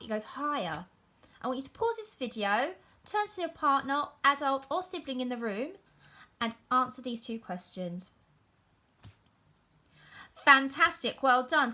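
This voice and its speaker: A woman's voice: sits high, bright, forceful tone. A woman, a primary teacher, giving a recorded reading lesson to young children in an encouraging, sing-song way. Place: home.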